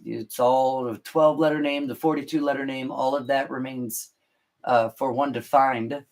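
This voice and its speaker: A man hosting a podcast, explaining scripture in unscripted talk, halting and deliberate with frequent restarts. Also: mid-range voice, steady tone. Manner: halting, many restarts and fillers, slow and deliberate. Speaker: podcast host.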